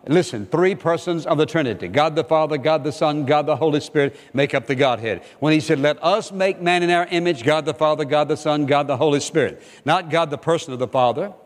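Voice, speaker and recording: A man's voice: on the high side, fairly quick, few pauses, in a large hall. An older man preaching a sermon as pastor, emphatic and repetitive, questioning his listeners directly.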